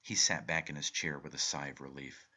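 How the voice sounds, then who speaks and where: A man reading a short story aloud, telling it in a measured, expressive first-person narration. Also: a bass voice. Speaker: reader.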